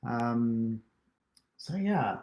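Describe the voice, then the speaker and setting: A man co-hosting a live question-and-answer session as a dance teacher, talking in a relaxed, rambling way and poking fun at himself. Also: mid-range voice, extremely slow, echoey room. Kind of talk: casual live-stream chat.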